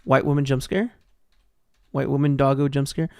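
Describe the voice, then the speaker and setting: This young gaming streamer speaks at normal speed in a mid-range, creaky, darkish voice with little pitch movement. The studio sound is clean, with no room sound. Playing a horror game live, he thinks aloud through puzzles and cracks jokes.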